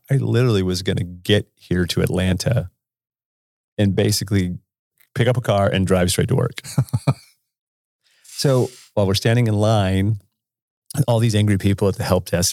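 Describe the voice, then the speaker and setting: Low-voiced man telling a profane story. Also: steady tone, moderate pace, pauses often, a little mellow, dry recording, clean studio sound. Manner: profane, laughing, rambling anecdote. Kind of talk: casual storytelling.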